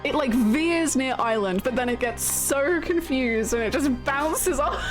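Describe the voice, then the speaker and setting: A woman's voice: sits high, big pitch swings, slow. A woman streamer chatting casually and laughing at herself while she plays a video game, with game music behind. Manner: giggly, self-deprecating chatter.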